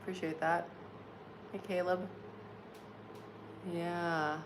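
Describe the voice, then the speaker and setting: In a fairly low, level voice, a woman in her forties takes her time as she hosts a casual home livestream. She talks with viewers, laughs frequently, and peppers her speech with "like" and "um." Clear background noise can be heard.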